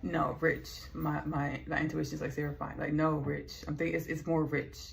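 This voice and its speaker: A woman's voice: low voice, flat delivery, brisk, vocal fry, a little hiss or hum. A Texan woman rambling casually in a vlog, playful and chatty with lots of asides. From Texas. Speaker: vlogger.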